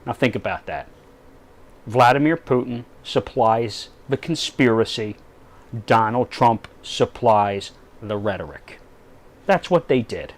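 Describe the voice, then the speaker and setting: Male political blogger, mocking, rambling, keeps checking in with "right?", mid-pitched voice. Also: slow, long pauses. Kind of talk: satirical political commentary.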